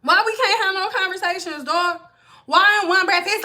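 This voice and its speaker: Blunt, high-voiced woman ranting on a livestream. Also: normal speed. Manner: blunt, profane, animated ranting. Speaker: hair stylist hosting a livestream. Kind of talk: casual livestream rant.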